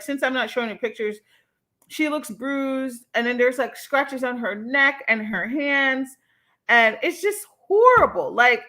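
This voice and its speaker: A young adult woman hosting a casual livestream, talking in an animated, emphatic way and swearing freely. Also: sits high. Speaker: livestream host.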